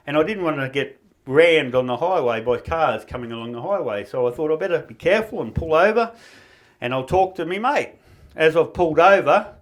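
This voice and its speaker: A middle-aged man with an Australian accent doing a stand-up set in a backyard shed, rambling through stories and laughing at his own jokes. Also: on the high side. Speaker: stand-up comedian. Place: backyard shed gig with a small live audience.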